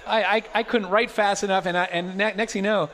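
A man's voice: high-pitched, fairly even intonation, fast talker, a bit bright. A man hosting a casual baseball chat, telling rambling stories and laughing often. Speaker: host.

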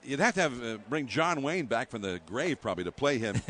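A man calling baseball play-by-play as a guest in the booth, halting and full of restarts. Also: medium pitch, sing-song, fairly bright tone, a little hiss or hum. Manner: halting, many restarts and fillers. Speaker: guest broadcaster.

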